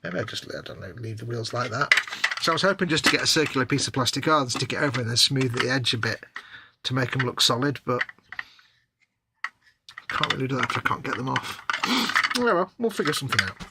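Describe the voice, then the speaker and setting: A man's voice: mid-range voice, expressive, brisk, gravelly. A British man chatting casually and mocking himself as he struggles with a model kit on a live stream. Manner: self-mocking, muttering while fiddling with parts. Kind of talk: casual chat while building a model. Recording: loud background noise, keyboard clicks.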